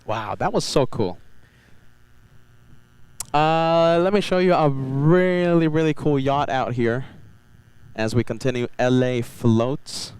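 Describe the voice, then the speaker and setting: A man's voice: medium pitch, slow pace, long pauses, darkish tone, clean tone, dry recording, rough recording. An upbeat man hosts a live stream outdoors at a beach, chatting and repeating his phrases. His voice sits close and dry on the mic. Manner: upbeat, repeats phrases, reads chat aloud. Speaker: livestream host. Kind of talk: live spotting stream commentary.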